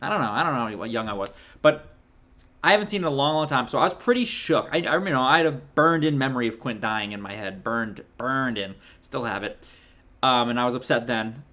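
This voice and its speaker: A man's voice: mid-range voice, expressive, fairly quick, sharp tone. A man in his thirties giving a casual, rambling movie review rant, swearing a lot and restarting his sentences often. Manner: heated, profane, rambling with many restarts.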